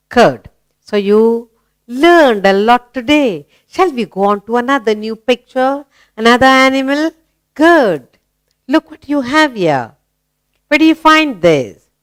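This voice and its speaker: A woman's voice: fairly high pitch, clear, resonant tone, dry recording. A woman teaching a grammar lesson to young children, asking questions and praising answers. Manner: slow, coaxing, asks questions and praises.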